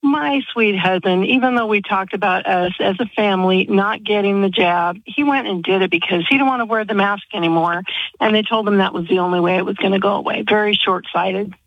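A woman's voice: mid-range voice, fairly quick, no room sound. A woman in her sixties calling in to a radio show, telling a sad story earnestly. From Arizona. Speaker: caller. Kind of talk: phone-in call. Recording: muffled phone line.

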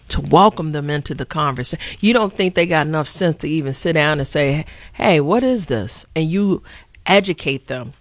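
Lady on talk radio, preachy, climbs into loud outbursts, dry close mic. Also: deep voice, dry recording. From Chicago. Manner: preachy, rising to sharp outbursts, repeats words. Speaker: radio talk show host. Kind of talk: impassioned talk radio commentary.

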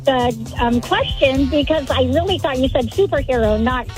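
A woman calling in to a radio quiz, hesitant with many pauses. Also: high-pitched, lively intonation, a little mellow, soft background music, rough recording. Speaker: caller. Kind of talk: phone-in quiz contestant.

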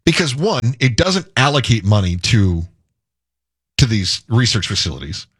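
A man's voice: on the low side, sing-song, normal speed, slightly rough. A man co-hosting a radio talk show, bantering about politics with sarcastic jokes. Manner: sarcastic, joking.

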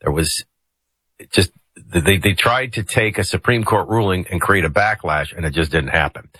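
A male talk radio host with a low, bright, forceful voice and a slightly husky edge. He gives political commentary in a jokey, conversational way and often restarts his sentences. The studio sound is close and dry. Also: normal speed, no echo.

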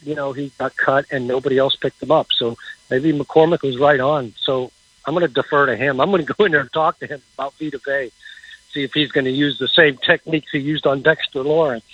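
Husky man talking football on a muffled line. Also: medium pitch, steady tone, fairly bright tone, no room sound. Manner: halting, repeats words, chuckles. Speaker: football reporter guest. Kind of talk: casual sports talk on radio.

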